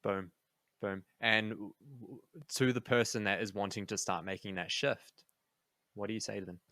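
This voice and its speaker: A man's voice: on the low side, steady tone, normal speed, bright, forceful tone, no room sound. A man hosting a podcast interview, asking questions and adding brief encouraging interjections. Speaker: podcast host.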